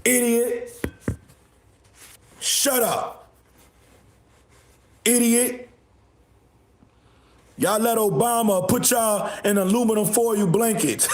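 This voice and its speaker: Mocking high-voiced man ranting on a livestream. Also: slow pace, pauses often, echoey room, very noisy. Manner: mocking, loud laughing outbursts, insults viewers. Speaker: livestream host.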